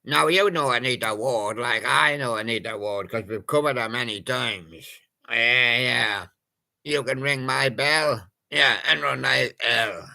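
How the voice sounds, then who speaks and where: A man's voice: mid-range voice, unhurried, vocal fry, bright, forceful tone. A man, possibly older, doing playful, punning oldies radio patter and breaking into snatches of old songs. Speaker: radio presenter.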